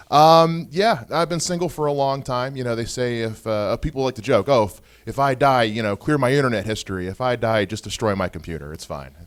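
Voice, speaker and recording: A man's voice: medium pitch, moderate pace, no echo. A young man doing a stand-up comedy set, self-deprecating and laughing at his own jokes. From Ohio. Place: small venue with live audience.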